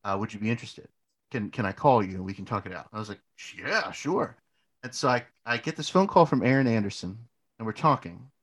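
Lively, bright-voiced young man telling a story. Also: on the low side, a little fast. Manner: animated, frequent restarts and "like" fillers, casual swearing. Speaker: podcast co-host. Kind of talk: casual storytelling chat.

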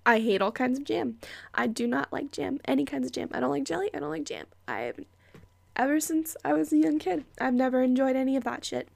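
Young woman podcast host, high voice with gravelly fry, sarcastic profane rants and half-whispered asides, recorded dry and close. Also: very animated, fairly quick, a little mellow, no echo. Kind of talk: casual ranting monologue. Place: hot bedroom at home. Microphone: close-up microphone.

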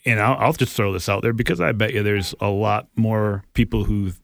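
A man's voice: lowish voice, normal speed, gravelly, no room sound, clean studio sound. A man co-hosting a faith podcast, speaking in an encouraging, preacherly way. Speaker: podcast co-host. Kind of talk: casual faith podcast chat.

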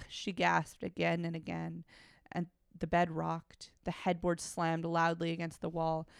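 Brief: woman co-host with a low, gravelly voice, dry close-mic sound, reads a story aloud with blunt wry asides. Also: completely flat delivery, unhurried, no echo. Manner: breaks off from reading to make frank, wry asides. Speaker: podcast co-host. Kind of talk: reading fiction aloud with commentary.

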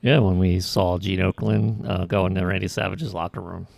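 A man's voice: low voice, fairly even intonation, a little fast, gravelly, darkish tone. A man co-hosting a podcast who mostly gives short, laid-back reactions. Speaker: podcast co-host. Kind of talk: casual chat.

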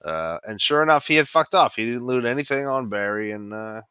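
A man co-hosting a gaming podcast, telling game stories in relaxed casual chat with trailing asides. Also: medium pitch, a little fast, clear, resonant tone, no echo, studio quality. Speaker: podcast co-host.

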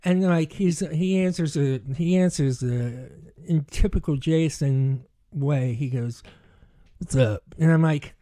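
A man's voice: a little high, measured pace, dark tone. A man with a speech impediment co-hosting a podcast, telling a story in profane, joking casual chat and acting out the quoted lines. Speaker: podcast co-host.

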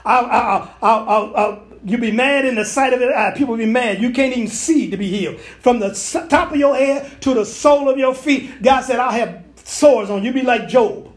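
A man's voice: extremely high pitch, normal speed, few pauses. A man, a pastor, preaching a prophetic sermon to online viewers, repeating and restarting phrases as he goes. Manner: preachy, repetitive, stammering restarts.

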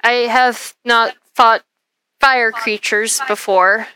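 A woman doing a scarred fish-folk warrior woman with a slow, steady delivery and a faint lisp. The voice sits a little high and bright, in a dry, close room. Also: clear, resonant tone, dry recording, low-quality recording.

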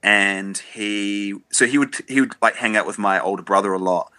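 NZ-accented man, thirties, podcast guest, very bright, slightly low pitch, relaxed and giggly. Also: normal speed, no room sound. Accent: New Zealand. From New Zealand. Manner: easygoing, laughs often, lots of fillers and restarts. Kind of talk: casual podcast chat.

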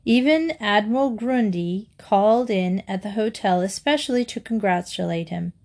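A woman reads a children's story aloud at a middle pitch. Her telling is gentle and steady, made for listening. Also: moderate pace. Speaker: storybook reader. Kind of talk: reading a children's book aloud.

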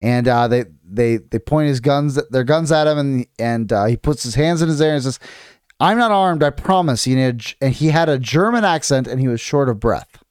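A podcast co-host casually recaps a novel, reading passages aloud amid lots of restarts and fillers. His mid-range voice is smooth and darkish at a normal speed, recorded in a clean studio with no room sound.

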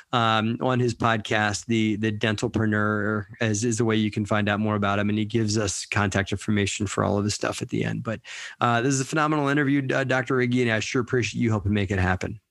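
A man's voice: lowish voice, no echo, studio quality. A man with a Southern US accent co-hosting a podcast, talking in a casual, jokey way and often repeating words as he explains things. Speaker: podcast co-host.

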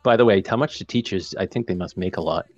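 A man with a very low voice, recapping a film in easy podcast chatter. He slips into quick impressions of the characters as he retells the plot. The recording sounds dry and slightly muffled. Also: no room sound. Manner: animated retelling with quoted dialogue. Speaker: podcast co-host. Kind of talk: casual chat recapping a film.

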